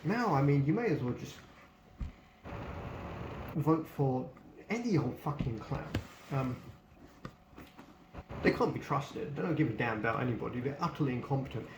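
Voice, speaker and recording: A man's voice: medium pitch, animated, moderate pace, pauses often. A man giving a casual spoken book review, blunt and opinionated, swearing freely. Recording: echoey room with faint background noise.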